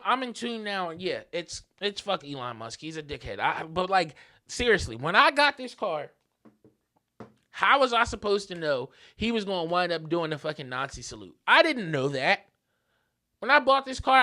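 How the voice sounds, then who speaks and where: A young man with a high, bright voice rants on a casual podcast. He tells his story in an animated, swearing, off-the-cuff way. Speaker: podcast host.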